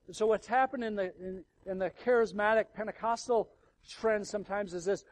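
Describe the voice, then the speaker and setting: A middle-aged man delivering a sermon, his voice sitting somewhat high for a man. He talks to the congregation in a loose, conversational way, with fillers and restarts. His volume swings widely, from a hushed murmur to loud, emotional outbursts. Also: steady tone, a little fast, low-quality recording. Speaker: pastor.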